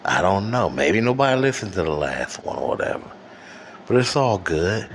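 On his podcast, a Detroit man delivers a solo rant in a super deep, sing-song voice, speaking slowly and cussing. An air conditioner hums faintly in his home room throughout the recording.

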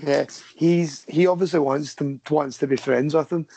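A man with a gravelly, fry-edged voice chats bluntly about a film as a podcast co-host. He often swears and tags his points with "isn't it". The sound is dry and close. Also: on the high side, fairly even intonation, normal speed, warm tone, dry recording. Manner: blunt and chatty, with tag questions and swearing. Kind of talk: casual film discussion.

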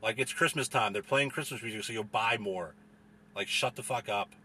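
A young man ranting casually with profane, rambling talk and many fillers, sometimes mocking people in a whiny high voice. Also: normal speed, sharp tone, slight background noise. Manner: mocks others in a whiny falsetto.

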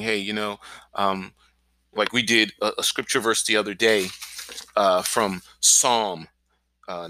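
Pastor guy preaching on a podcast, super bright voice, peppy, keeps saying right?. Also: lowish voice, no room sound. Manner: energetic, keeps asking "right?". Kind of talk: encouraging podcast sermon.

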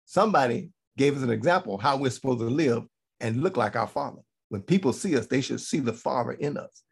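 A man's voice: mid-range voice, expressive, brisk, vocal fry, slightly rough. A man giving a Bible teaching sermon to a congregation. He repeats his points for emphasis and keeps checking in with "okay?".

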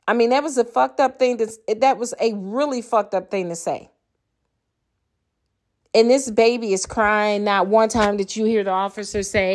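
A woman's voice: a little high, unhurried. A woman with grown children and grandchildren, delivering an impassioned, blunt and profane solo monologue as a podcaster. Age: older. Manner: angry, blunt, profane ranting.

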